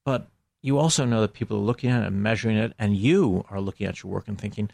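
Gravelly, measured middle-aged man. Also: fairly low pitch, a little mellow, no echo. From United States. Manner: measured, hesitant, many fillers. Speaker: filmmaker guest. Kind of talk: reflective interview talk.

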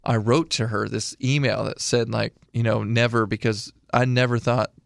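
A man's voice: medium pitch, fairly even intonation, normal speed, gravelly, no echo, studio quality. A man in his thirties from Illinois, a veteran telling a long story in an interview with a casual, rambling way of talking. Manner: casual, rambling storyteller with many fillers and restarts. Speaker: guest, veteran.

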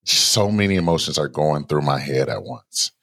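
A man's voice: extremely low pitch, normal speed, creaky. A man in his thirties, a guest author, animatedly telling a personal story in conversation and acting out the voices in his head. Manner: animated storyteller who acts out inner voices.

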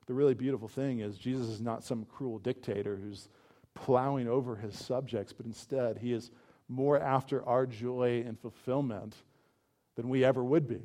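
A man with a mid-range voice delivers a sermon at a moderate pace as pastor. The style is chatty, full of "like", with animated emphasis on what matters.

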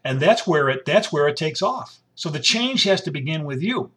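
A man's voice: on the high side, lively intonation, normal speed, a bit bright. A middle-aged man giving blunt, rambling casual commentary on his own, often repeating himself and breaking off mid-sentence.

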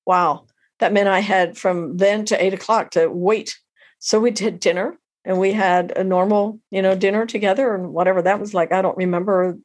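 A middle-aged woman tells an emotional personal story as an interview guest, halting and heartfelt, often restarting her sentences. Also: mid-range voice, fairly even intonation.

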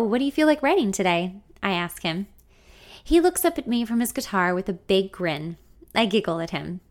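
A woman reading a first-person audiobook story in an intimate, wry, confiding voice. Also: mid-range voice. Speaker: narrator.

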